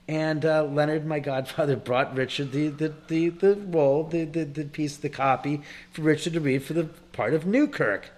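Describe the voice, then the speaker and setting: Guy spinning a story, swears a lot, a bit higher-pitched, keeps tripping over and restarting his words. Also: moderate pace, few pauses. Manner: animated, profane, repeats and restarts often. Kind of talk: casual anecdote telling.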